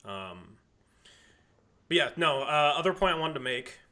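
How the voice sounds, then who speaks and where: A man's voice: on the high side, sing-song, measured pace, sharp tone. A man from Washington state hosting a casual postgame basketball chat on a live stream, talking in a chatty, joking way. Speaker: podcast host.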